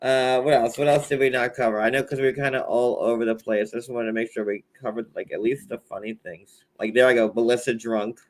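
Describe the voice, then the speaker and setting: A man's voice: mid-range voice, steady tone, a little fast, hardly any pauses, a little hiss or hum. Man co-hosting a casual recap chat, rambling, gossipy, joking. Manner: gossipy, joking, rambling, jumps into mocking impressions. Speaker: podcast host.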